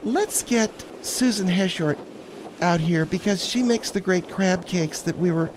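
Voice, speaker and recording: A man's voice: sits high, measured pace, background noise. A man playing a gushing chat show host who fumbles names.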